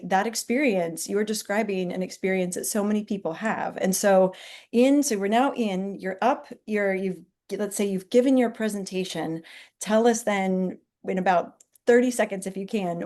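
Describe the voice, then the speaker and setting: A woman's voice: mid-range voice, darkish tone. A woman hosting a webinar interview, affirming her guest and asking long, rambling questions. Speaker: webinar host.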